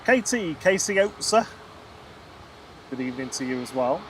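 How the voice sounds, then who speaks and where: Upbeat male stream host, fairly high voice, outdoors by an airport, faint noise behind. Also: expressive, normal speed. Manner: upbeat, greets chat viewers by name. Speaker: livestream host. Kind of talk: live plane spotting stream chat.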